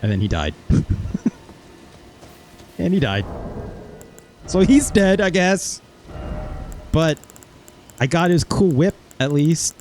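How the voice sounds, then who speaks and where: A man's voice: on the high side, sing-song, slow, long pauses, a little mellow, slight background noise. A man hosting a gaming video, recapping his playthrough in rambling, casual commentary and swearing offhandedly. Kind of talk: casual let's-play commentary.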